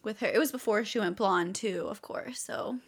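A woman's voice: medium pitch, moderate pace, background noise. A young woman co-hosting a podcast, easygoing and giggly, steering the chat with questions. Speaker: podcast co-host. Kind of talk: casual chat.

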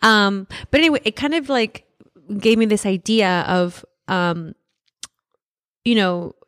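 A woman's voice: medium pitch, measured pace, fairly bright tone, no room sound, studio quality. A woman co-hosting a casual chat, talking eagerly and filling her sentences with "like" and "um". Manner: enthusiastic, heavy on "like" and "um".

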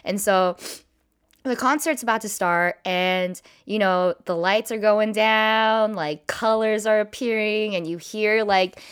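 A young woman telling a personal story to her viewers in a casual, animated way, with lots of "like" and "you know". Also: mid-range voice, takes it slowly, clean tone. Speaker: vlogger.

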